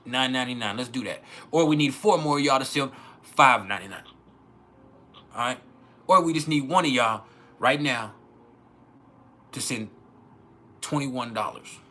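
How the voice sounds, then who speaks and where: A man's voice: mid-range voice, expressive, normal speed, pauses often, sharp tone. A man hosting a casual astrology livestream, joking and swearing often and laughing.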